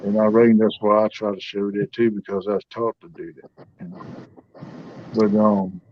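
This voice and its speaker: A man's voice: lowish voice, level tone, moderate pace, muffled recording, slight background noise. A man hosting a livestream, telling family stories in a folksy, drawling way. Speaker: livestream host. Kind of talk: casual storytelling chat.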